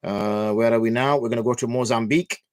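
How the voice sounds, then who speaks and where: A man's voice: mid-range voice, steady tone, fast talker, dry recording, studio quality. A man hosting a religious question-and-answer livestream, talking loosely and thinking aloud with many fillers. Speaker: mufti hosting Q&A. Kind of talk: casual livestream talk.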